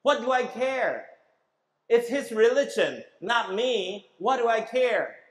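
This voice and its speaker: High-voiced man preaching a sermon. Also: sing-song, slow, reverberant, rough recording. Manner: emphatic, asks the congregation questions and has them repeat words. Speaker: pastor.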